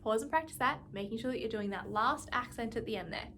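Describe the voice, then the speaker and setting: A woman's voice: fairly high pitch, fast talker. A woman music teacher giving an instrumental lesson, patiently explaining and counting beats aloud.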